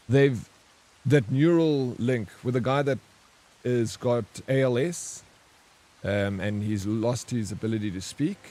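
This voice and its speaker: A young man, chatting casually and excitably with his stream viewers, rambling between topics. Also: on the low side. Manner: rambling, excitable, says bro a lot. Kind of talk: casual chat with live chat.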